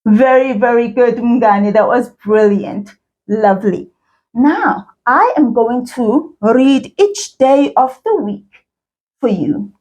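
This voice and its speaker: Slow, lively-voiced teacher woman. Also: a little high. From South Africa. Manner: slow, encouraging, repeats words for learners to echo. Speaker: children's isiZulu teacher. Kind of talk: children's language lesson.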